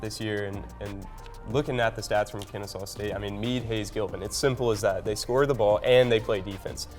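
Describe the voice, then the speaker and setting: A man's voice: on the low side, steady tone, brisk, darkish tone, soft background music. A young man anchoring a sports news show, delivering scripted lead-ins and chatting steadily with casual fillers.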